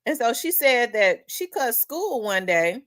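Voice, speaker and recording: A woman's voice: on the high side, big pitch swings, measured pace, a bit bright, no echo. A woman host telling a story in casual chat, talking in winding asides and repeating herself.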